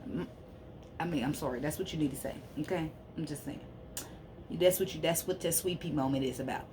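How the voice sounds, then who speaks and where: A woman's voice: low-pitched, brisk, noisy background. A woman giving a casual tarot reading to camera, emphatic and blunt, and she keeps checking in with "okay?". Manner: blunt, sassy straight talk. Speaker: spiritual card reader.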